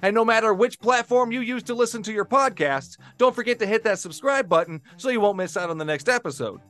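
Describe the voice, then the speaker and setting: A man's voice: high-pitched, fast talker, a bit bright, faint music behind. A man hosting a podcast, chatting casually and reading his outro, with a playfully skeptical, teasing manner. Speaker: podcast host.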